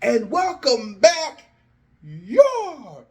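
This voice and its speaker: A man doing an impression of a theatrical wrestling announcer, drawing out each word in a big booming announcement. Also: wildly swooping pitch, drawn-out words, a little mellow, full character voice. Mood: hyped.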